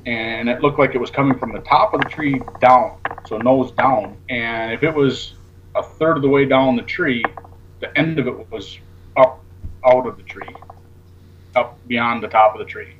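On a talk show, a male guest chats casually, rambling through a story and acting out what the people in it said, swearing along the way. His voice sits in the mid range at a moderate pace, and the recording is muffled with background noise.

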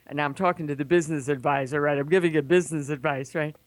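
Older lady spinning a story, low voice, dry close sound. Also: fast, hardly any pauses, dry recording. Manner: animated, acts out quoted voices, laughs at herself. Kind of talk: casual storytelling.

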